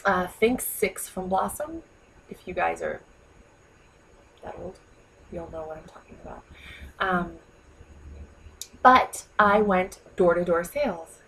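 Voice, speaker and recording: Woman, 30s, from New York, husky tone; animated, chatty vlogger. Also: fairly low pitch, slow pace, pauses often, poor audio. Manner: chatty and animated, full of "you know" and "like". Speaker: vlogger giving speaking advice. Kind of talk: casual talk to camera.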